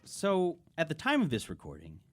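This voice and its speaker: A young man from Texas with a very low voice, co-hosting a casual podcast. He tells stories with energy and drops into drawled quotes. The sound is dry and close. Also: big pitch swings, a little fast, no echo, faint music behind. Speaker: podcast co-host. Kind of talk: casual chat.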